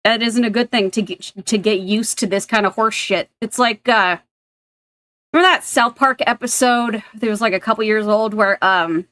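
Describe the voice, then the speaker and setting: A woman's voice: medium pitch, normal speed, a bit bright. Woman streamer, casual reaction commentary, blunt delivery with frequent swearing, rambling asides.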